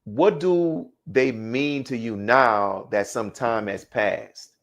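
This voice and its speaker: A man's voice: medium pitch, slow pace. Conversational male interview host. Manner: conversational, searching for words.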